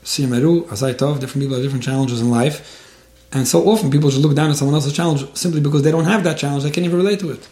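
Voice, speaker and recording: Earnest guy giving advice, talks fast, trips over words, kinda echoey room. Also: fairly high pitch, warm tone. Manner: earnest, stammers and restarts words. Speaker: religious advice speaker. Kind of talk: casual advice talk. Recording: roomy echo.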